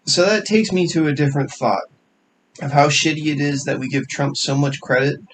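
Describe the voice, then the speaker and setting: A man's voice: fairly high pitch, normal speed, a little hiss or hum, poor audio. Offhand, foul-mouthed male co-host. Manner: offhand, swears a lot, short reactions. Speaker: podcast co-host. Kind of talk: casual chat.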